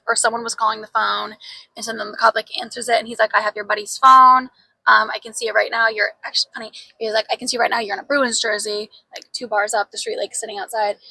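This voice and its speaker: A woman's voice: medium pitch, creaky, sharp tone, no echo, poor audio. A young woman co-hosting a podcast, telling a story in casual chat, full of "like" and swearing freely. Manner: chatty storyteller, heavy use of "like", swears freely. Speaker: podcast co-host.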